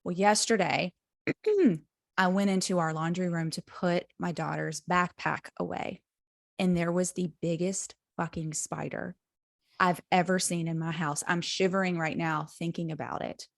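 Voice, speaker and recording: A woman podcast co-host in her thirties, chatting casually and telling an animated story, swearing freely. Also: lowish voice, unhurried, gravelly, dry recording, clean studio sound. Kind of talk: casual chat.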